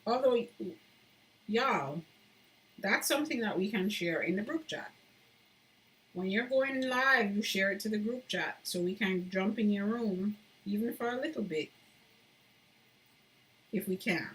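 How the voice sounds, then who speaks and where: Chatty woman with a bright, forceful voice. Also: medium pitch, expressive, a little slow, long pauses. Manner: chatty, reads viewer comments aloud and laughs often. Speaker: live-stream host. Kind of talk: casual chat with live viewers while carving. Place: indoors at home.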